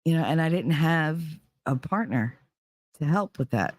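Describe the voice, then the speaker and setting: Middle-aged New Jersey woman, podcast host; candid, animated, profane, dry close mic. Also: low voice, a little slow, no room sound. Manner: blunt, swears freely, animated. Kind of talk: casual candid talk.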